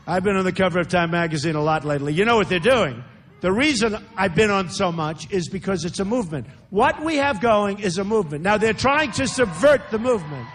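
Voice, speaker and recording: An older man with a New York accent addresses a packed rally through a podium mic, his voice sitting somewhat high for a man. He repeats phrases for emphasis and drifts into boastful, chatty asides to the crowd. A faint murmur of the audience hangs behind him. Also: lively intonation, fairly quick, fairly bright tone, a little hiss or hum. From United States. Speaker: candidate speaking at a rally. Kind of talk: campaign rally speech. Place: large indoor rally venue.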